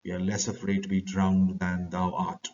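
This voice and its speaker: A man's voice: low-pitched, completely flat delivery, normal speed, darkish tone, close to an everyday voice. An Indian man reading the part of an arrogant nobleman who scornfully insults a sailor. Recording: distant dull lo-fi recording.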